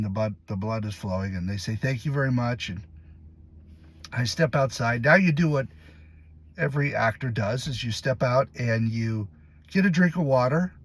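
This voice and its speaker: A male actor telling a story to camera in a casual, animated way, acting out the lines and voices as he goes. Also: medium pitch. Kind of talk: casual anecdote told to camera.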